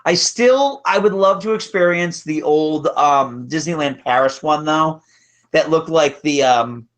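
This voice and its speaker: A man's voice: a little high, measured pace. A man hosting a casual podcast chat, talking in a rambling way with frequent restarts. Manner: chatty, rambling, restarts often. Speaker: podcast host. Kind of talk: casual chat about theme park rides.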